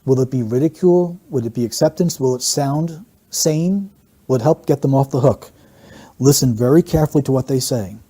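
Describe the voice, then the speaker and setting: A man's voice: medium pitch, brisk, mellow, breathy edge. A man teaching statement analysis, methodically walking through an interview clip and repeating key phrases for emphasis. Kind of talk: explanatory analysis of interview clips.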